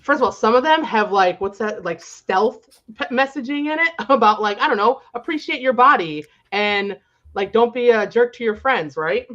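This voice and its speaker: A woman's voice: on the high side, moderate pace, fairly bright tone. A woman co-hosting a podcast in casual chat, talking freely with lots of fillers and swearing. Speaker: podcast co-host. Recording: slightly dull lo-fi audio.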